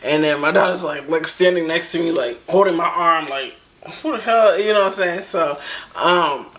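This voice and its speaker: A young woman chatting casually through a personal storytime, animated and swearing freely, with laughter in her voice. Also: low-pitched, normal speed, a crowd in the background. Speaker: vlogger telling a story.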